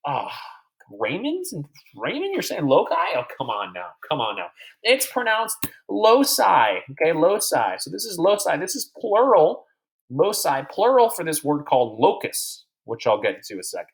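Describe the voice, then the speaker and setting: A man's voice: fairly high pitch, huge pitch swings, normal speed. A man teaching a recorded math lecture over slides, chatty and digressive, quizzing imaginary students as if they were in class.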